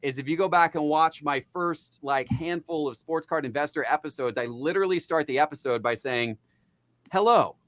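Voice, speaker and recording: A man guesting on a podcast, explaining things in a measured, casual way over a remote call. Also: fairly high pitch, a bit bright, no echo. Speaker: podcast guest, card investing show host. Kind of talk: casual conversational interview.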